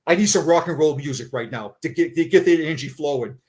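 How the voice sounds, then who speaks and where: Halting middle-aged man telling his story. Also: a little high, a little mellow. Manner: halting, repeats words and restarts often. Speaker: retired police officer, podcast guest. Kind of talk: personal storytelling in conversation.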